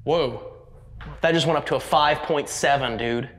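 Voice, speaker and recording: A man's voice: fairly high pitch, normal speed, faint music behind. A man hosting a paranormal investigation, talking through his readings with a nasal, stuffed-up voice from allergies. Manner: excited, narrating readings aloud. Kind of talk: ghost-hunting commentary.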